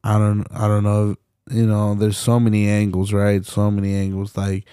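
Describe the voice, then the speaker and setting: A man's voice: lowish voice, monotone, moderate pace, mellow, smooth, no echo, clean studio sound. A young man hosting a solo podcast, rambling passionately with lots of fillers, restarts and swearing. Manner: swears often. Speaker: podcast host.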